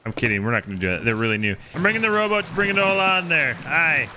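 Teasing gamer guy streaming, bit high voice, game noise behind. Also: very animated, quick pace, hardly any pauses. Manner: playful, teasing. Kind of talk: casual gameplay chat.

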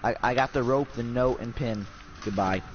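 A man's voice: mid-range voice, a little fast, a loud crowd. A young man gaming with a friend, swearing and ranting in exasperated, profane banter. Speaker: gamer. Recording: dull lo-fi with faint noise.

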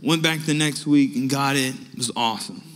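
A young adult man preaching a sermon, telling personal stories and acting out the dialogue with lively energy. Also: mid-range voice, moderate pace, a little hiss or hum. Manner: animated anecdotes with acted-out dialogue. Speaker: pastor. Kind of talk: storytelling sermon. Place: church sanctuary. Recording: long hall reverb.

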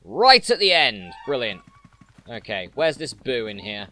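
A man doing let's play commentary, excitable and jokey, talking back at the game. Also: medium pitch, a little slow.

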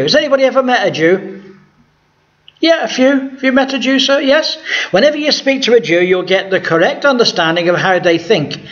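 A man with a high voice preaches a Bible lesson in a church, questioning the people in front of him as he teaches. The recording sounds dull and lo-fi. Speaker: pastor. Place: church hall before a congregation.

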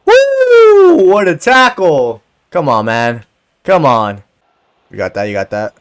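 A man giving excited commentary over his own soccer video game match, cheering, swearing and shouting at teammates. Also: mid-range voice, a little slow. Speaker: gaming video creator.

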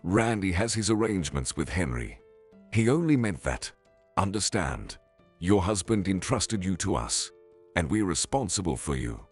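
A man voicing a calm, convincing woman from a commune who speaks smoothly and reassuringly. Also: deep voice, moderate pace, soft background music, exaggerated voice.

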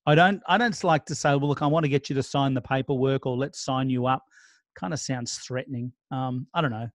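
A man's voice: medium pitch, fairly even intonation, brisk, dry recording. A man giving a casual real estate sales lesson, talking through client scripts with many restarts. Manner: conversational, role-plays client scripts, frequent restarts. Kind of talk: casual training talk.

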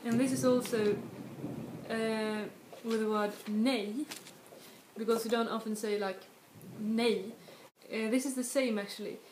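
A woman from Sweden, giving a casual video language lesson and explaining slowly with frequent restarts and spoken examples. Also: fairly high pitch, fairly even intonation, darkish tone. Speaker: language tutor. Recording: echoey room with faint noise.

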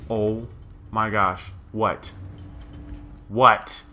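A man's voice: fairly low pitch, very slow, long pauses, pushed and bright, soft background music. A man giving let's play commentary, thinking aloud to his viewers as "guys" and crying out in alarm at what he finds. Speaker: gaming channel host.

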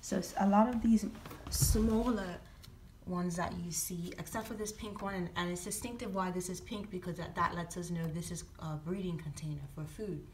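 A woman's voice: lowish voice, steady tone, normal speed, darkish tone, a little hiss or hum. A woman talking casually at home, explaining things step by step with many ums and restarts. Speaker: vlogger and pet owner.

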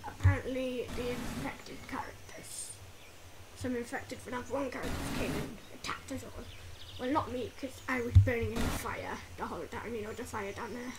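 A woman voicing a glum, burnt male animatronic fox in a game role-play, with a low, rushed mutter. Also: steady tone, close to an everyday voice. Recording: loud background noise.

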